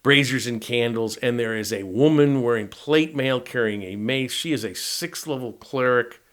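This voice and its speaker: A man's voice: mid-range voice, normal speed, fairly bright tone. Middle-aged man rambling through a game module. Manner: rambling, conversational, with frequent "right?" tags. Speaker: tabletop game master and YouTube host. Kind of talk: casual explanatory walkthrough.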